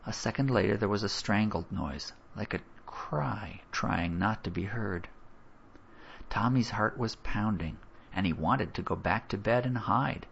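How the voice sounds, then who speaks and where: A man narrating a story in a measured, expressive way, on a dull lo-fi recording. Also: lowish voice, vocal fry, a little hiss or hum. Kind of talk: audiobook narration.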